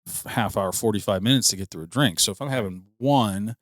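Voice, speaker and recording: A man's voice: fairly low pitch, a little fast, no room sound, clean studio sound. A man in his thirties co-hosting a podcast, telling a long embarrassing story in a rambling, laughing way with lots of restarts. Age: 30s. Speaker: podcast co-host. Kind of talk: casual storytelling chat.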